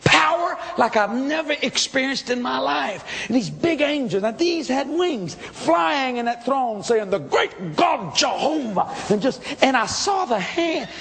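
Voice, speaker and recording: A man preaching a testimony sermon, telling his story with excitable emphasis and sudden shouts. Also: very high-pitched, unhurried, vocal fry, few pauses, in a large hall.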